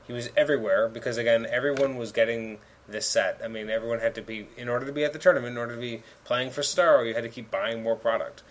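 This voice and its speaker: A man's voice: medium pitch, fairly even intonation, fast talker, hardly any pauses, a little hiss or hum. A man co-hosting a casual chat about a miniatures game, agreeable and reminiscing.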